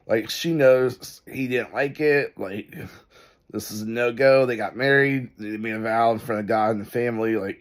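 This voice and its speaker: A man's voice: lowish voice, normal speed. Rambling man telling a story. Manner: rambling, full of "like" and "uh". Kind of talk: casual storytime commentary.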